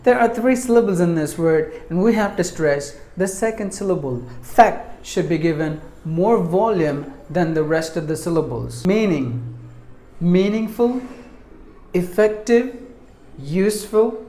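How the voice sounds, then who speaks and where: A man gives a pronunciation lesson at an unhurried, measured pace. He says each word several times and splits it into syllables. His voice carries in an echoey room. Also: sits high, lively intonation, warm tone. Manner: deliberate, repeats each word and breaks it into syllables. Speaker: English pronunciation teacher.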